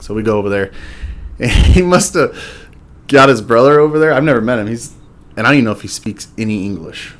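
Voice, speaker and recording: Speaking quickly in a fairly low voice, a man in his thirties spins casual stories as a podcast guest. He laughs through them and quotes his neighbors with gusto, recorded on a podcast mic at a table.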